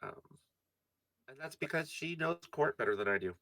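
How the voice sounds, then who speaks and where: A man's voice: fairly high pitch, expressive, normal speed, gravelly, a bit bright, no room sound. Brief: man playing a heartfelt, defensive young hero, slightly slurred, close dry sound. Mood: earnest. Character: earnest young male adventurer, blunt, devoted to a friend. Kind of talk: tabletop role-play character voice.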